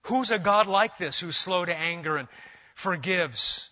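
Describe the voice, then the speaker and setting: A man preaching a sermon, his voice bright and forceful and a little higher than most. He moves between loud urging and hushed, intense lines. The recording sounds dull and lo-fi. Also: measured pace. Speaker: pastor. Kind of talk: expository sermon.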